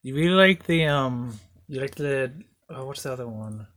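A man's voice: medium pitch, lively intonation, moderate pace, fairly bright tone. Young male co-host, easygoing, a bit hesitant. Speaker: podcast co-host. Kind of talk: casual chat.

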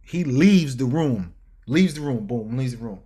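A middle-aged man from Harlem with a New York accent, a fashion designer telling stories as an interview guest, slangy and animated, acting out the people in his stories. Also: medium pitch, a little slow. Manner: animated storyteller who acts out voices, slangy. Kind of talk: casual storytelling interview.

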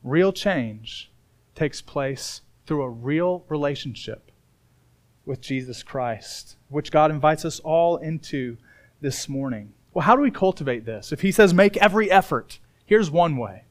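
A middle-aged man from Indiana preaching a sermon as pastor, telling a personal story with loud emphatic moments and quiet earnest asides. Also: fairly high pitch, lively intonation, unhurried.

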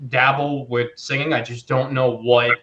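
A man's voice: medium pitch, little pitch movement, normal speed, reverberant, lo-fi sound, background noise. A young man in a band, teasing his friends with crude humor during casual group chat. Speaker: band member.

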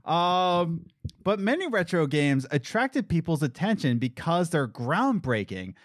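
Animated joking man in his late twenties. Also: fairly high pitch, measured pace, dry recording, studio quality. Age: late 20s. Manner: animated, joking, reads listener comments aloud. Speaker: podcast host. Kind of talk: casual podcast chat.

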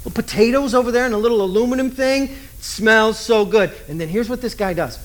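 Guy with a high voice preaching, chatty and jokey, keeps asking the crowd questions. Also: a little fast. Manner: conversational and joking, with rhetorical questions to the congregation. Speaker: pastor. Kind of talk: sermon.

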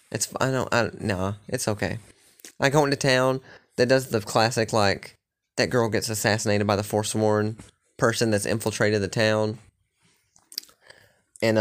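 A man's voice: mid-range voice, smooth. A man casually recapping his playthrough of a fantasy game, rambling and swearing with lots of filler words. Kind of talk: casual chat.

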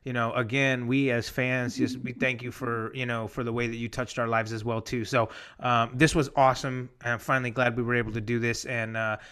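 A man's voice: medium pitch, little pitch movement, fairly quick, hardly any pauses, sharp tone, clear, resonant tone. A man hosting a podcast over a video call, chatting casually and rambling with lots of "you know" and "man". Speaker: podcast host. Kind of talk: casual chat.

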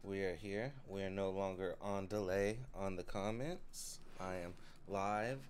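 Slow-talking laid-back man. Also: low-pitched, steady tone, slight background noise. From Tennessee, US. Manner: laid-back, swearing, prone to laughing. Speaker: podcast co-host. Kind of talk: casual chat on a live stream.

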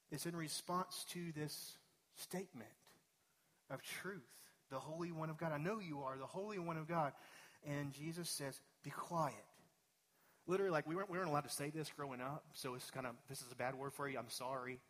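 A man's voice: fairly high pitch, a bit bright. A man preaching a sermon in a church, talking in a conversational, digressive way with personal asides. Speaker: pastor. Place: church sanctuary.

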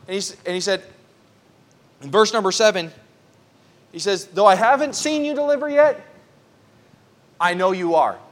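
A man with a high voice preaches a sermon at a church prayer service. He teaches in a plain, conversational way and drives his points home by repeating them with earnest emphasis. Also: a bit bright. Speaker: pastor.

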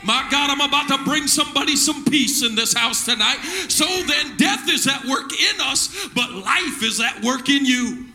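A man's voice: very high-pitched, lively intonation, normal speed, hardly any pauses, music in the background. A male pastor preaching a sermon, full of call-and-response and repeated phrases in front of a congregation. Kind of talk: energetic shouted sermon. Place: church service with congregation.

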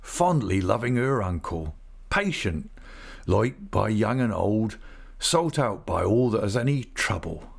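A weathered old fisherman, as a male reader puts him on. His voice sits low and gravelly with a husky edge, rising and falling a lot as he talks slowly and earnestly. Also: sing-song, full character voice. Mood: wistful. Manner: slow, earnest, homely storytelling. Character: weathered older male fisherman, gentle and sorrowful. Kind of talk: audiobook character reading.

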